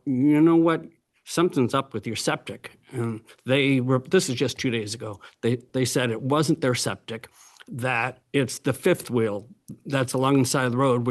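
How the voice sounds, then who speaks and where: A man speaking as a public commenter at a county board meeting, telling his complaint in a plain, conversational way with fillers and restarts. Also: medium pitch.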